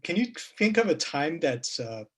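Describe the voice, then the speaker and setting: A man's voice: a little high, big pitch swings, moderate pace, husky. A man hosting a virtual meetup, asking a guest questions in a hesitant way, with many fillers and restarts.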